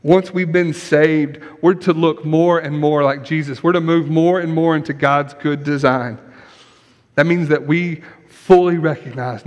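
A man's voice: on the high side, fairly even intonation, measured pace. Earnest male preacher in reverberant hall. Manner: earnest preaching, drops to quiet prayer. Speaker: pastor. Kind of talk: sermon.

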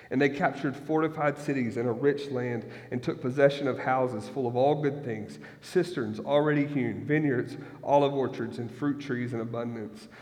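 A man in his thirties preaching a sermon, reading scripture aloud and breaking off into lively, joking asides to the congregation. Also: mid-range voice. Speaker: pastor. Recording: long hall reverb.

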